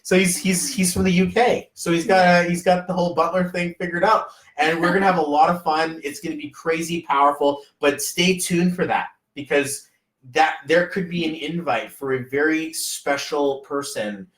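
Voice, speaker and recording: A man's voice: on the high side, steady tone, normal speed, a bit bright, recorded from a distance. A man hosting a casual live stream as a business coach, rambling and hypey, often slipping into quoted voices. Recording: echoey room, voice off-mic.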